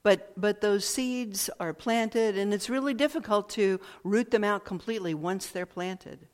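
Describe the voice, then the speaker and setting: A woman giving a thoughtful, reflective talk at an unhurried pace, often repeating phrases and pausing to find words. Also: medium pitch. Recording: long hall reverb.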